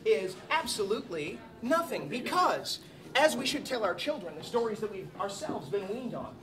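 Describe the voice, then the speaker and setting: A man's voice: sits high, big pitch swings, normal speed. A man, a bard at a medieval reenactment feast, telling a comic tale in a mock-heroic, laughing manner to a live audience. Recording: distant mic amid loud crowd. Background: audience laughter and chatter.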